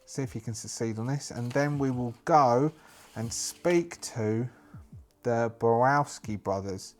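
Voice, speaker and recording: A man's voice: mid-range voice, measured pace. Man thinking aloud over a solo tabletop game. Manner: musing, thinking aloud with fillers.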